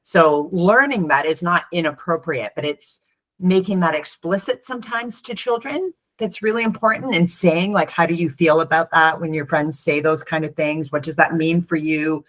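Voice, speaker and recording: A woman's voice: low voice, normal speed. A middle-aged woman, a former teacher turned parent coach, talking in an interview and acting out the voices of children and parents in her stories. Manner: animated storyteller who acts out children's and parents' voices. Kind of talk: conversational interview.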